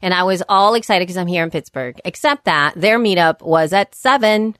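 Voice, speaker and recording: A woman in her thirties co-hosting a podcast, telling family stories in casual chat and getting animated when she quotes people. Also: fairly low pitch, moderate pace, no echo, studio quality. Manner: chatty storyteller, animated when quoting. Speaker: podcast co-host.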